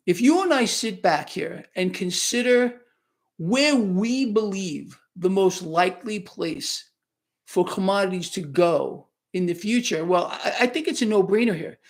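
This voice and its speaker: A man hosting a live market wrap-up stream, talking in an emphatic, sarcastic, conversational way and taking viewers' questions. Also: high-pitched. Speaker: market commentary host. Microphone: new microphone.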